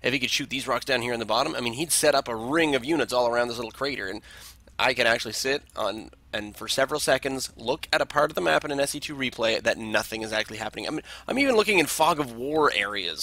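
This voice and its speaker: A man's voice: medium pitch, fast, pushed and bright. A man with a cold and congested sinuses, giving casual game replay commentary, rambling with joking asides.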